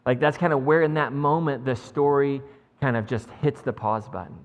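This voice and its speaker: At a moderate pace and in a mid-range voice, a man preaches a sermon as pastor, keeping it conversational with lots of "like" and "right?" and jokes for the congregation. The church sanctuary adds long reverb.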